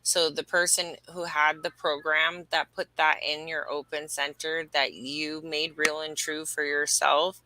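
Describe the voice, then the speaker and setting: A woman's voice: sits low, little pitch movement, measured pace, few pauses, noisy background. A woman reading human design charts, talking casually and emphatically, rambling with fillers. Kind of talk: casual spiritual teaching chat.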